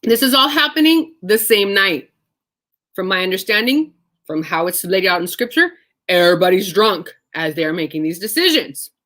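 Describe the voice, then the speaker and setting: A woman teaching scripture in a casual, animated way, reading verses and acting out the speakers with conversational asides. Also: mid-range voice, moderate pace. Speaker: Bible study teacher.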